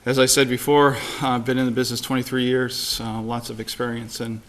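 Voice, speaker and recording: A man's voice: mid-range voice, level tone, a little fast, a bit bright. Businesslike man answering council questions. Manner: businesslike, many filler words. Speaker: board appointee. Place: city council chamber.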